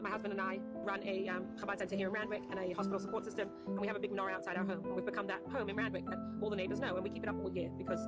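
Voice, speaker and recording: A woman's voice: mid-range voice, little pitch movement, racing, few pauses, over loud music. A woman who runs a Chabad center, speaking passionately and emphatically in an interview. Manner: passionate and emphatic, defiant declarations. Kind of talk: emotional interview.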